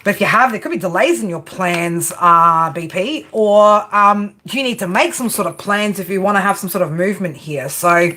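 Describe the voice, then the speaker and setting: A woman's voice: mid-range voice, normal speed, few pauses, bright, forceful tone, slight background noise. A woman giving live tarot readings, chatting casually and profanely with viewers and laughing often. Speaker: tarot reader.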